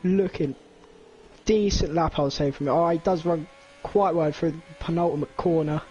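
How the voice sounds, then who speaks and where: A young man co-commentates a sim race as a strategy analyst, walking through a lap in coaching second-person phrasing. His voice is slightly high, steady, warm and a bit breathy, at normal speed, and the recording's highs are cut off.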